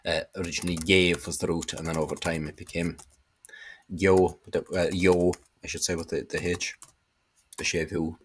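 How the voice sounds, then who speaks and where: A man explaining Irish words and spelling in a hesitant lesson, pausing often on fillers and stressing each Irish word he quotes. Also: low-pitched, little pitch movement, slightly rough. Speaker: Irish language teacher.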